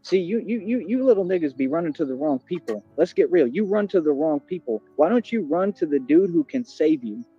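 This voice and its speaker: A man's voice: a little high, expressive, brisk, few pauses, breathy edge. Male streamer, boastful and aggressive, muffled lo-fi stream audio with faint music. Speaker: livestreamer. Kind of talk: ranting livestream monologue.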